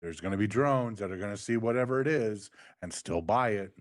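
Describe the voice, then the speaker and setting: A man co-hosting a casual wrestling chat, giving short dry replies and sometimes cracking high. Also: a little fast. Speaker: podcast co-host.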